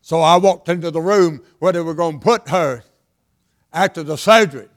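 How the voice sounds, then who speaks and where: An older man preaching a sermon, repeating lines for emphasis and swinging between loud and hushed delivery. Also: a little high, moderate pace.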